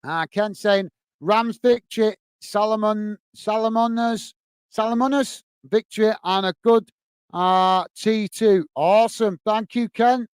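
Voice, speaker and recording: Chatty English host reading fan messages, fairly high, clean voice. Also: male voice, unhurried, clean tone, no room sound. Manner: chatty, apologetic, says mate often. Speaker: host reading live chat. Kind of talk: casual live-stream chat.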